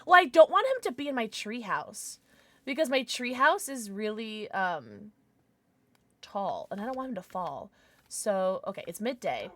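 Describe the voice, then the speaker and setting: A woman streaming a game live, chatting with her viewers in an excitable, gushing way with frequent squeals. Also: mid-range voice, unhurried.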